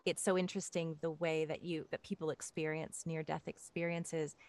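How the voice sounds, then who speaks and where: A woman's voice: deep voice, level tone, normal speed, a little hiss or hum. A woman hosting a conversation who works as a medium, responding to her guest thoughtfully. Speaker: host and medium. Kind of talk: conversational interview.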